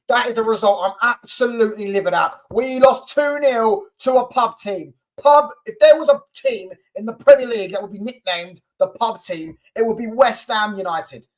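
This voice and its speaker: A man's voice: extremely high pitch, poor audio. A man hosting a football fan channel, ranting angrily and repetitively with lots of swearing. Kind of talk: angry fan rant to camera.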